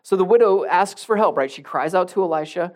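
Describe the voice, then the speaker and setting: A male pastor preaching a sermon, swinging from soft near-whispers to loud emphatic bursts and repeating phrases for emphasis. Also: sits high, brisk.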